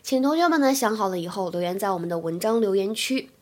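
A young woman, an English teacher, explaining phrases patiently and drilling them slowly in a spoken lesson. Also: medium pitch, animated, a little mellow.

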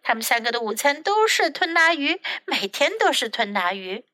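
A woman teacher reading a bilingual picture book to children, gentle and clear. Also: high-pitched, big pitch swings, moderate pace, no room sound.

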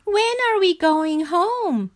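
A woman voicing a small, eager young male frog who pleads and whines in a high, excited voice. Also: slow, heavily acted. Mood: eager, pleading.

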